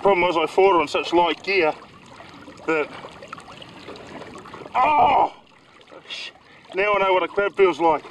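An Australian man hosts a fishing show from a small boat on open water, chatty and excitable, his voice sitting a little high. Water and boat noise run clearly behind him on this outdoor recording. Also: brisk, highs cut off. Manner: enthusiastic, chatty, exclaims and laughs.

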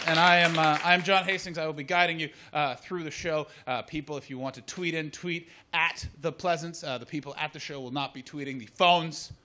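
Bright-voiced Canadian man hosting live comedy. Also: on the high side, fairly even intonation, brisk, hardly any pauses, a faint crowd, a little hiss or hum. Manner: loud, jokey, swings between shouting hype and muttered asides. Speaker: host. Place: live comedy venue with audience.

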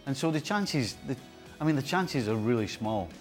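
Blunt Scottish pundit with lively pitch. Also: male voice, moderate pace, soft background music. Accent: West of Scotland Scottish. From west coast of Scotland. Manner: emphatic, blunt, says aye. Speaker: football pundit. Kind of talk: panel chat.

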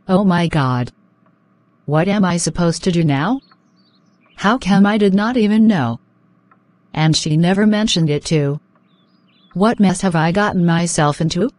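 A woman's voice: on the low side, a little slow, long pauses, no room sound, close to an everyday voice. Brief: woman doing a frazzled young woman, snappy and worried, dry close sound. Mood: shocked. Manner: exasperated, sharp-tongued, fretful. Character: flustered, anxious young fiancée. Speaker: voice actor in animated drama.

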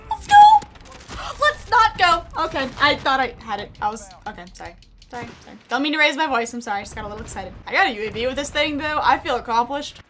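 A woman streamer giving excitable, chatty commentary over her own gameplay, often gasping and exclaiming. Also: on the high side, rapid-fire, a little hiss or hum. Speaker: gaming streamer. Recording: game music and gunfire behind.

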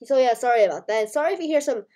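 Young female gaming host, sick and scratchy-throated, slightly high voice, rambling and apologetic with lots of fillers. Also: lively intonation, racing, dark tone. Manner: rambling and apologetic, full of ums and likes. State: hoarse from illness, coughing. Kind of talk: casual gameplay chat.

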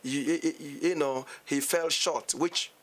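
A Ghanaian man speaks animatedly as a guest on a radio show, switching between English and local phrases. His voice sits a little above the usual male range. The delivery is lively and conversational. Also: fairly high pitch, measured pace. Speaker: guest musician. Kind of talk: radio interview.

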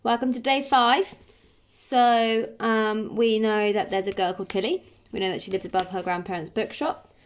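A woman teacher with an English accent reading a children's story aloud to her pupils, stopping now and then to explain. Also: on the high side. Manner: friendly, explains as she reads. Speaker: primary school teacher.

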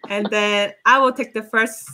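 A woman's voice: medium pitch, steady tone, measured pace, sharp tone, slight background noise. A woman game designer at home, explaining game pieces and rules with hesitant fillers.

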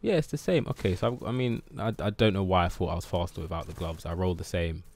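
A man's voice: low voice, fast, a little mellow. A man streaming gameplay, muttering to himself and swearing in frustration. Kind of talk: casual live gameplay commentary.

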